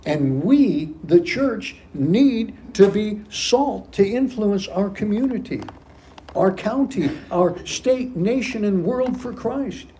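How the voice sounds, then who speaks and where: Slow, mellow-voiced male pastor preaching. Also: high-pitched, animated, slight background noise. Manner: emphatic, repeats key phrases for stress. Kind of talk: sermon. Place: church sanctuary.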